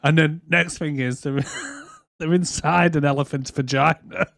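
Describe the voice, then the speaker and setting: A man's voice: fairly high pitch, fairly even intonation, unhurried, gravelly, a bit bright, no room sound, clean studio sound. A man co-hosting a podcast, chatting casually and crudely about a film, laughing often and quoting lines. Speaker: podcast co-host. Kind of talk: casual film review chat.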